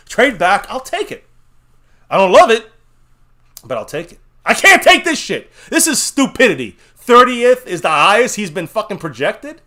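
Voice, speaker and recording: Brief: co-host of a fan stream, a man with a slightly high voice venting in loud, profane, exasperated rants. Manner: profane, exasperated ranting with repeated phrases. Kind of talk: heated fan reaction chat.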